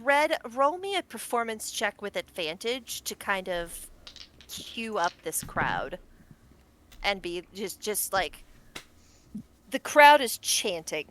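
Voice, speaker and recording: A woman's voice: mid-range voice, big pitch swings, slow pace, fairly bright tone. A woman narrating a tabletop game as game master, in a playful tone with frequent laughter.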